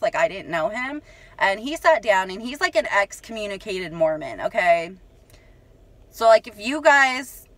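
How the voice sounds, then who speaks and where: A young woman, telling a story in casual vlog chat, chatty and animated, with many fillers and laughs. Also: mid-range voice, no room sound, poor audio. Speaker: vlogger.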